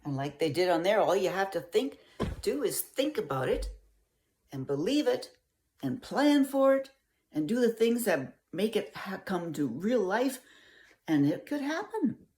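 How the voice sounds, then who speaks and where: A woman's voice: medium pitch, sing-song, unhurried, darkish tone. An older woman reading a picture book aloud to children, coaxing and asking the listener questions. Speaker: storyteller.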